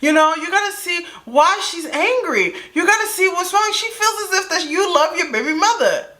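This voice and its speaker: A woman's voice: extremely high pitch, lively intonation, moderate pace, pushed and bright, pitched above the performer's own voice, full character voice. A woman imitating a patient female friend who coaxes and reasons with someone, in a voice raised above her own. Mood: coaxing. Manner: coaxing, reasoning things out. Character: patient young woman friend who always plays peacemaker.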